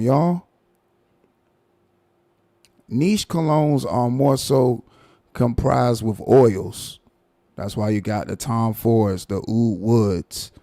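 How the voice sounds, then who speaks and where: A man hosting a live stream, ranting in a mocking, animated way and repeating his points. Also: medium pitch, creaky, no room sound. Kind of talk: casual commentary rant.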